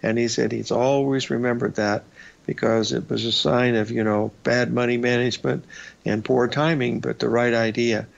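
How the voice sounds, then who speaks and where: A male radio host giving casual market commentary over charts, folksy and rambling, with a raspy voice and lots of "uh" and "folks". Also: mid-range voice, level tone, moderate pace. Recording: slightly dull lo-fi broadcast audio.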